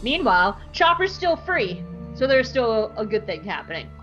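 A woman's voice: fairly high pitch, very animated, normal speed, a bit bright, muffled recording, faint music behind. A young woman hosting a podcast, chatting casually and giggly through an episode recap. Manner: chatty, giggly, lots of fillers. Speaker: podcast host.

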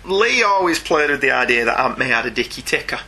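A man's voice: medium pitch, lively intonation, a little fast, bright, forceful tone, breathy edge. A man co-hosting a podcast, chatting casually and in detail about comics with a dry humour. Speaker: podcast co-host. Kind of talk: casual chat reviewing comics.

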